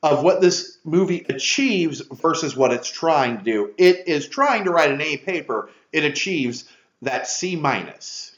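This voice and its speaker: A man's voice: a little high, animated, unhurried, a bit bright. A man co-hosting a podcast, sarcastically retelling a movie's plot in casual chat. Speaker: podcast co-host. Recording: dull lo-fi sound.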